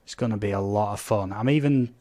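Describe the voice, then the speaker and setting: A man's voice: fairly low pitch, fairly quick, warm tone. Chatty man streaming a game. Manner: chatty, reads out viewer comments, blurts game sound effects. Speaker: gaming live streamer. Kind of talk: casual live-stream gameplay commentary.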